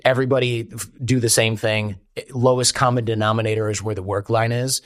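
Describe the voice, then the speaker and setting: A man, a podcast guest telling stories in an animated way and quoting people in character. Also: medium pitch, a little fast, no room sound, clean studio sound. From United States. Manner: animated storyteller, quotes others in character. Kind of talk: conversational interview.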